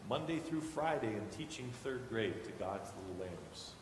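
A man in his thirties preaching a sermon as guest preacher, telling family stories with animated quoted voices. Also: lowish voice, moderate pace, hardly any pauses, slight background noise. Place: church sanctuary. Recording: echoey hall with long reverb.

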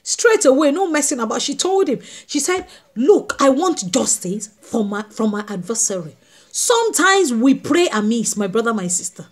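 A woman evangelist preaching a sermon, emphatic and repeating her phrases as she addresses the congregation directly. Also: fairly high pitch.

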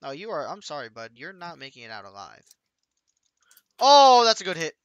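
A man's voice: on the high side, very animated, moderate pace, a bit bright, clear, resonant tone. A man streaming a game, chatting casually with his viewers and teasing his friends. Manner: joking, teasing banter with chat and friends.

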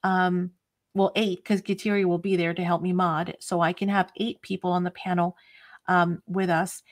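A woman's voice: on the low side, little pitch movement, normal speed. A woman hosting a casual craft livestream, chatty and a bit scattered, often laughing. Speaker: craft channel host.

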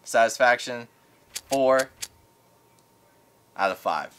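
A young man hosting radio, giving an excitable casual reaction to an album in a studio as he rates each track. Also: medium pitch, measured pace, pauses often, slight background noise. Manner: excitable, rates tracks in flames, laughs often. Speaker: radio host reviewing an album. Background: music playing.

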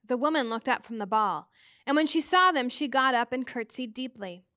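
A woman teacher reading a novel aloud to students with expressive, measured storytelling. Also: sits high, no room sound, studio quality.

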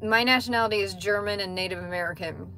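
A woman's voice: mid-range voice, fast, sharp tone, a little hiss or hum. A woman hosting a casual livestream from inside a truck cab. She reads viewer comments aloud and answers them in a candid, chatty way, swearing now and then. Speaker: livestream host.

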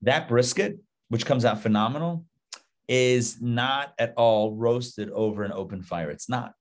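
A middle-aged man, a rabbi, teaching a casual live Torah class, animated and conversational, asking rhetorical questions and repeating himself. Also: mid-range voice, unhurried.

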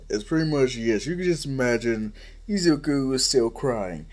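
A man's voice: mid-range voice, lively intonation, moderate pace, a little mellow. A man casually narrating an improvised fan story, rambling with fillers and restarts.

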